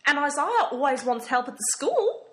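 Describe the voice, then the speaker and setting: Woman playing a flustered charity organizer, hesitant, bright voice, lively pitch. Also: normal speed.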